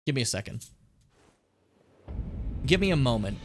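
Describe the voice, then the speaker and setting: A man streaming a video game, chatting and joking with his viewers and swearing freely. His pitch jumps all over the place, and game music plays quietly behind him. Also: lively intonation, quick pace, pauses often. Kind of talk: casual gameplay commentary.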